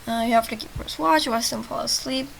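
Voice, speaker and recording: A young woman reading a text game aloud and commenting on it in a chatty, sarcastic way, with loud outbursts. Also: on the high side, a little fast, vocal fry, a little hiss or hum, poor audio. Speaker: let's play gamer.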